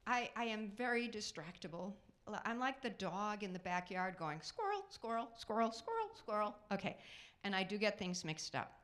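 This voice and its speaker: A middle-aged woman doing a stand-up comedy set on a theater stage, chatty and self-mocking, with quick asides to the audience. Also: mid-range voice, a bit bright.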